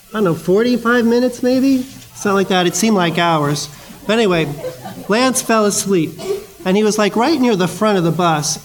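A man with a notably high voice preaches a sermon. He talks in a loose, conversational way, slipping into stories and quick asides between scripture readings. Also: low-quality recording.

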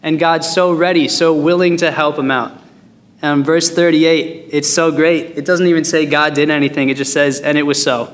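A man leads a casual Bible study, reading verses and joking his way through them. His voice sits fairly high, and a long hall reverb trails each phrase. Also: fairly even intonation, moderate pace. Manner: chatty and joking, with fillers. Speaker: Bible teacher.

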